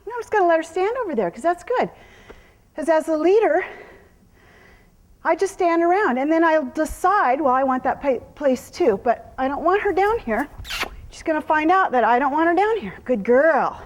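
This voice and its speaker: Expressive and high-voiced, this horse trainer keeps a moderate pace in a big-sounding room. She tells the spectators what she's doing at each stage, breaking in to coo praise at the horse.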